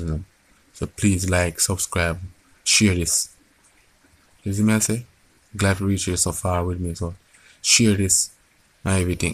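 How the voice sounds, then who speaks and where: A man chatting quietly to his phone camera, keeping his voice down. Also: low voice. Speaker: vlogger. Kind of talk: casual chat to camera.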